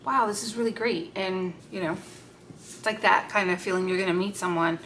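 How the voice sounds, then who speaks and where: A woman at a middle pitch, doing a loose, unscripted tarot reading. She is blunt and swears freely, talking straight to the cards and asking them for new messages. A faint hum sits under her voice. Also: steady tone, fairly quick, fairly bright tone. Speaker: tarot card reader.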